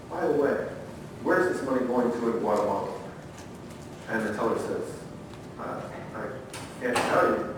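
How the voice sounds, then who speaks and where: A middle-aged man who used to be a federal agent tells vivid stories during a conference training talk, dramatizing quotes and asking the audience questions. His pitch is medium, and the far-off recording in an echoey conference room has background noise.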